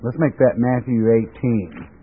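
A man's voice: mid-range voice, fairly even intonation, measured pace, breathy edge. An older man preaching a sermon in a folksy, storytelling way, chuckling now and then as he talks. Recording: tinny phone-like radio broadcast.

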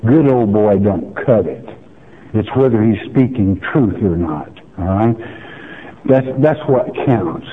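Male radio Bible teacher: plain, unhurried, emphatic, tinny lo-fi broadcast. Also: lowish voice, expressive. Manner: folksy, emphatic, asks the listener questions. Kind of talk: sermon-style Bible teaching.

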